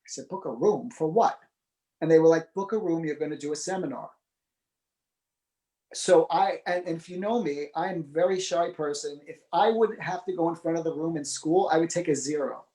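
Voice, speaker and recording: Male interview guest, slightly high voice, lively storyteller who acts out the people he quotes. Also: moderate pace, low-quality recording. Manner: animated, acts out quoted dialogue. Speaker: psychic medium guest.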